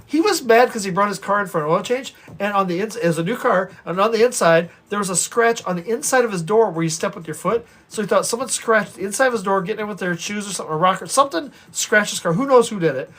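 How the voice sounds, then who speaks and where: A man with a high, light voice rattles off a story from his past to his viewers at a quick clip. He is animated and rambling, doubling back to restart his sentences as he goes. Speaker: vlogger telling stories.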